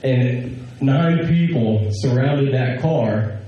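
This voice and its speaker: A man tells a story casually and with lots of animation, quoting people and laughing along the way. His voice is mellow and dark. The sound comes from a very echoey room with a faint hum behind it. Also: mid-range voice, drawn-out words, dull audio.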